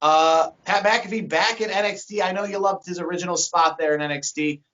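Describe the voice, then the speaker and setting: A man's voice: high-pitched, a little fast, bright, forceful tone. A man co-hosting a wrestling podcast, chatting casually, steering the topics and asking his co-host questions. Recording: lo-fi sound.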